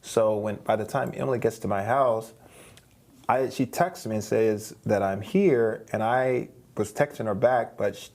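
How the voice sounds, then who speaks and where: A guest singer in a streaming studio interview tells a long, rambling story, restarting often and repeating words. His voice is lowish, a little mellow and unhurried.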